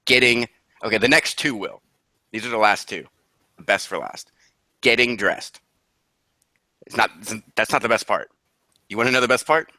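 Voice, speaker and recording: A man's voice: mid-range voice, moderate pace, long pauses, sharp tone, no echo. A man co-hosting a casual podcast while sick. He swears freely, laughs often and sounds mock-incredulous. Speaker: podcast co-host. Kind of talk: casual chat.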